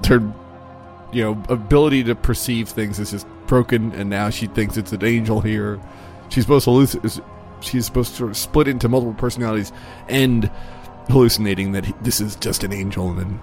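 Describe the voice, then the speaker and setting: Casual man explaining, a bit gravelly. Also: lowish voice, a little mellow. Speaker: podcast co-host. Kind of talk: casual chat.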